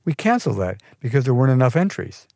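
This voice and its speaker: A man's voice: mid-range voice, a little fast, gravelly, husky, no echo, studio quality. A man voicing a meek young receptionist. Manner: sing-song, then quiet.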